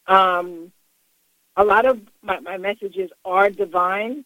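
A woman talking as a psychic medium guest in an interview, recalling stories with halting, repeated words. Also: mid-range voice, a bit bright, dry recording, low-quality recording. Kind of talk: casual interview talk.

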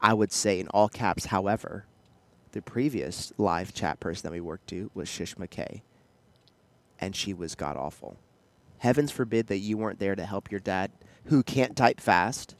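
A man's voice: low-pitched, normal speed. A man co-hosting a podcast, chatting casually and chiming in with agreement. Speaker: podcast co-host, church staff. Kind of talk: casual chat.

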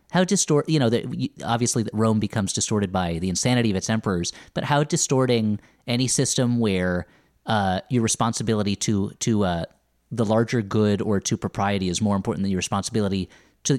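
A man's voice: lowish voice, fairly quick, darkish tone, no echo, studio quality. A man co-hosting a podcast, talking thoughtfully about a TV series and often restarting sentences as he searches for words. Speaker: podcast co-host. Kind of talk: casual chat about a TV series.

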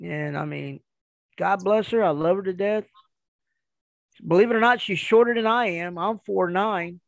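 A middle-aged man, a retired performer, telling stories in a casual, animated way and acting out other people's voices. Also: sits high, moderate pace, creaky, dry recording.

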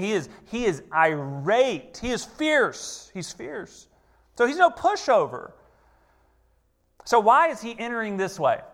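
A man preaching a conversational sermon, emphatic and repetitive, firing rhetorical questions and sometimes sinking to a hushed, slow voice. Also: high-pitched. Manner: emphatic, repeats phrases, asks rhetorical questions; drops to a hushed, slow voice for tender moments. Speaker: pastor.

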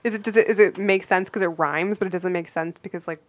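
A woman's voice: mid-range voice, steady tone, fast, a little hiss or hum. A woman co-hosting a casual podcast, teasing and questioning the others. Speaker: podcast co-host.

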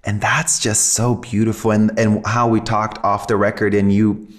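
A man's voice: lowish voice, little pitch movement, normal speed. A man speaking as a podcast guest in an earnest, reflective way, emotional and close to tears. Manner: reflective, earnest, spiritual wording. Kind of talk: heartfelt conversation.

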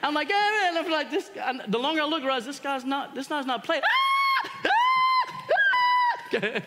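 Animated male pastor in a reverberant hall. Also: very high-pitched, fast talker, heavy background noise. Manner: animated storytelling with shouted re-enactments. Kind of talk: sermon.

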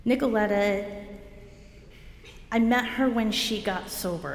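Speaking at a recovery meeting, this New Jersey woman is blunt and self-mocking, breaking into laughter as she shares candidly. Her voice is a little high yet darkish in tone, and she doesn't rush. Big hall echo with long reverb and faint hiss surround her.

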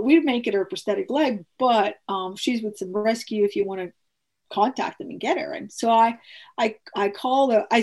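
In a fairly high-pitched voice, a woman shares a personal story in an animated, earnest manner, performing the dialogue and restarting often.

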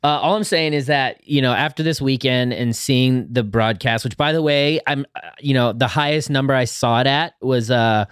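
A man's voice: medium pitch, normal speed, hardly any pauses, a bit bright, smooth, no echo, studio quality. A young man co-hosting a podcast, laid-back and casual, saying dude often. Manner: laid-back, says dude and yep a lot. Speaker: podcast co-host. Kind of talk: casual chat.

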